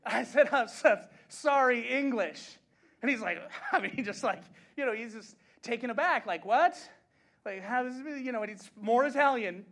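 A male pastor from the United States preaching a sermon, swinging between impassioned shouting and chatty, laughing storytelling. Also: extremely high pitch, moderate pace, hardly any pauses. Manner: chatty anecdote-telling with frequent laughs.

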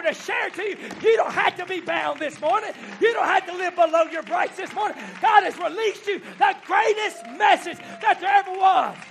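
A high, gravelly-voiced man preaches a fiery revival sermon, hammering out repeated phrases and shouting exhortations to the people. A congregation murmurs faintly behind him in the hall. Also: a little hiss or hum. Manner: shouting, rhythmic repetition, call-and-response exhortation. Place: church banquet hall.

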